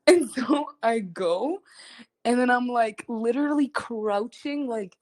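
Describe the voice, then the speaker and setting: A young adult woman telling a story to fans in casual livestream chat, animated and full of fillers, laughing often between phrases. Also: fairly high pitch, slow pace. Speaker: singer chatting with fans.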